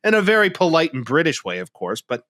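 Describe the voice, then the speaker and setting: A man's voice: fairly high pitch, very animated, fairly quick, fairly bright tone, no echo, clean studio sound. A man co-hosting a sports podcast in a casual, gossipy way, often repeating and restarting his words. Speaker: podcast co-host.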